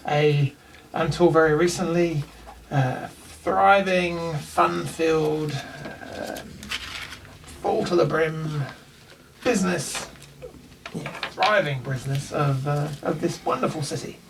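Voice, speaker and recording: A relaxed elf thief who chats easily and keeps reassuring people, voiced by a man. His voice is a little gravelly and pitched slightly high. It comes through a mic set back a bit, with faint background hiss. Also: takes it slowly, recorded from a distance. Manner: breezy, reassuring, colloquial. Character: pale male elf thief, easygoing and chatty.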